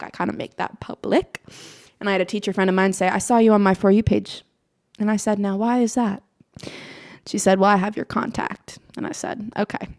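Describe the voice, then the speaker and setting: A woman in her twenties, a college student from Maryland, talking to the camera in a casual, self-mocking chat with a slight put-on Southern twang and frequent laughs. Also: mid-range voice. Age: 20s. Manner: chatty and animated, self-mocking, laughs often. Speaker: vlogger. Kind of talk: casual stream-of-consciousness chat.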